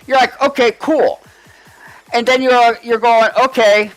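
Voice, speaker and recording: Rambling high-voiced man chatting. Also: fairly even intonation, unhurried, soft background music, poor audio. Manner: rambling, restarts often, swears casually. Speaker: podcast co-host. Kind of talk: casual chat.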